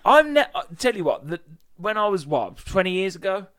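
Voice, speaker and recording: Birmingham man, 30s, podcast co-host, slightly high, jokey and animated. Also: fairly quick. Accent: Birmingham English. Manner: animated, jokey storytelling with put-on quotes. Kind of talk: casual chat.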